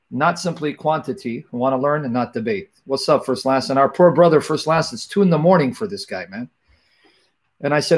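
A middle-aged man hosting a live online talk, joking casually with viewers and then praying fervently in long, repetitive invocations. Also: fairly high pitch. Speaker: livestream host.

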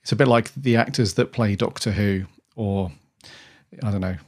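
A man with a lowish voice speaks at a normal pace as a podcast co-host. His casual chat rambles, with lots of restarts.

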